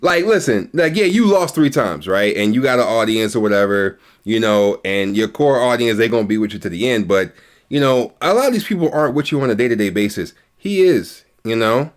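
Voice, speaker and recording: A man's voice: fairly low pitch, lively intonation, brisk. A man giving casual reaction commentary, agreeing often and speaking in loose slang with restarts. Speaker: YouTube reaction host.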